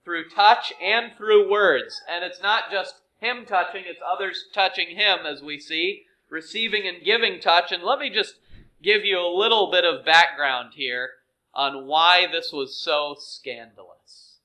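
A man preaching a sermon, earnest and measured, dropping to soft, hushed phrases for emphasis. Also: high-pitched, low-quality recording. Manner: slow, earnest, with dramatic soft drops.

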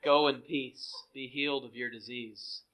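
A man preaching a sermon, earnest and measured, dropping to soft, hushed phrases for emphasis. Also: mid-range voice, steady tone, low-quality recording. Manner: slow, earnest, with dramatic soft drops.

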